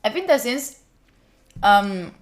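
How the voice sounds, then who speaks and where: Taking her time, a young Italian woman with a medium-pitched, very animated voice chats with viewers during a study live stream. She's from Italy and has an Italian accent. Playful and mock-indignant, she talks casually and drops frequent fillers.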